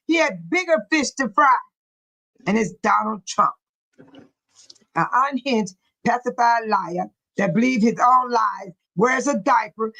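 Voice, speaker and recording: A woman's voice: sits high, a bit bright, poor audio. Outspoken woman reacting to live chat. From Illinois. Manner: outspoken, reads chat aloud and reacts with blunt opinions. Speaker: livestream host reading viewer comments. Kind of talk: casual livestream commentary.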